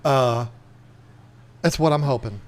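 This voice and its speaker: In a relaxed livestream, a Northern Virginia podcast host spins animated stories, laughs a lot and does voices. His mid-range voice moves at a slow pace.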